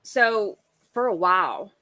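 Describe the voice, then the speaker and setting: Bright-voiced woman co-hosting a chat show. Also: mid-range voice, expressive, takes it slowly, no room sound. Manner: exasperated, laughing often. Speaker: co-host. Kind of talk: casual true-crime chat.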